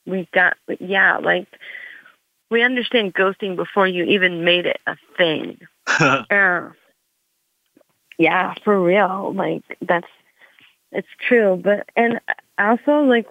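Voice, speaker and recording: A woman's voice: medium pitch, dry recording. A Gen X woman in her forties or fifties doing a meandering stand-up monologue, full of restarts and fillers. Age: Gen X, 40s to 50s. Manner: meandering, self-interrupting, lots of likes. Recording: tinny phone-like dry recording.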